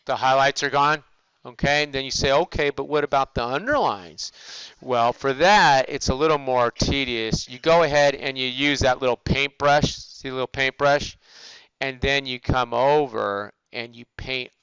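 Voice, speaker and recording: A man's voice: medium pitch, steady tone, moderate pace, fairly bright tone, clean tone, no echo, muffled recording. An older male accounting professor giving a casual recorded lecture, asking questions and answering them himself. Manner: conversational, asks and answers his own questions.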